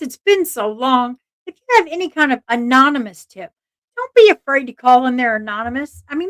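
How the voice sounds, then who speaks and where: A woman's voice: high-pitched, a bit bright, no echo. A woman hosting a true crime livestream, telling a case in a casual, earnest way and turning often to talk to her chat. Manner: chatty, earnest, asides to chat, frequent restarts. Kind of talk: casual live-stream narration.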